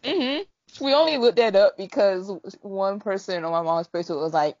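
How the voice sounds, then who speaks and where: A woman's voice: mid-range voice, moderate pace, darkish tone, dry recording. A woman co-hosting a podcast, joking and laughing in casual chat. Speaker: podcast co-host. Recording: muffled lo-fi sound.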